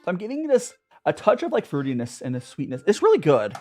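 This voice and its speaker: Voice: mid-range voice, wildly swooping pitch, quick pace, darkish tone, faint music behind. A young adult streamer chatting casually over tea, rambling and greeting viewers by name. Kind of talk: casual chat while drinking tea.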